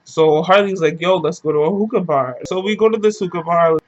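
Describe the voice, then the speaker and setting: A man's voice: sits high, brisk, muffled recording. A man telling a story in a casual vlog, loose and slangy, rambling as he goes.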